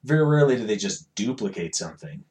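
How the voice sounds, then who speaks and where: A man co-hosting a casual podcast, profane and animated, acting out dialogue in quick bursts. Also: lowish voice. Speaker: podcast co-host.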